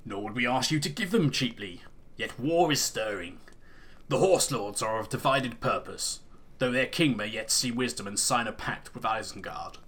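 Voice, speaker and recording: A man voicing a smooth-talking emissary in a game, with a put-on accent and a formal, persuasive manner. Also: medium pitch, expressive, normal speed, a bit bright, natural voice. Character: smooth-talking male emissary of a dark wizard. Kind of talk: reading game dialogue aloud in character.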